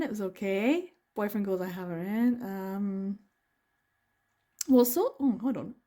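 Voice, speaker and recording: A woman's voice: medium pitch, dark tone. An enthusiastic woman chats on camera about books in a loose, rambling way. She drifts between thoughts, fills gaps with ums, and laughs easily as she goes. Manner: rambling, enthusiastic, frequent laughs and trailing fillers. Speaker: book vlogger. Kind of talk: casual chatty vlog.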